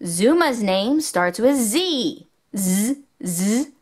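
Female host for a kids' phonics toy video: very slow, lively, bouncy delivery with excited squeals. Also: medium pitch. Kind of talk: children's educational toy demo.

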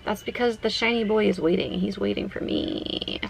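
A woman casually vlogging while she plays a phone game at home, chatty and excitable, talking to herself as she goes. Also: medium pitch, normal speed, creaky, slight background noise, low-quality recording. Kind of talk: casual gaming vlog.

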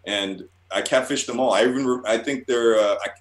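A man's voice: mid-range voice, a little fast. A man, a guest cartoonist, telling loose and profane stories in a casual interview and laughing at himself. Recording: roomy echoey room.

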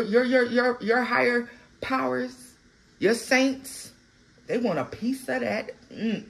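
Blunt, profane woman giving a tarot reading. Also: medium pitch. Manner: blunt, profane, animated storytelling. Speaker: tarot reader. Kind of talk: casual spoken tarot reading.

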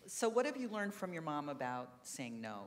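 A woman interviewer on a live event stage, asking questions with frequent pauses and fillers. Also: sits low, sing-song. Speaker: interviewer, books editor.

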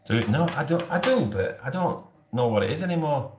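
A man's voice: a little high, animated, brisk, background noise. A man in his forties with a Yorkshire accent, hosting a casual live stream and rambling jokily to his viewers with frequent laughs. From Yorkshire, England. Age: 40s. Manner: jokey and rambling, often laughing. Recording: roomy echo.

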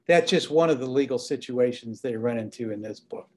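A man, an author, giving a talk and reading from his novel in a conversational, halting way. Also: mid-range voice, darkish tone. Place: event hall.

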